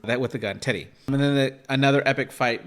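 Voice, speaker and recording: A man's voice: medium pitch, fast, a bit bright. A man co-hosting a podcast, casually recapping a film's plot and acting out the characters' lines as he goes. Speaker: podcast co-host. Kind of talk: casual chat recapping a film.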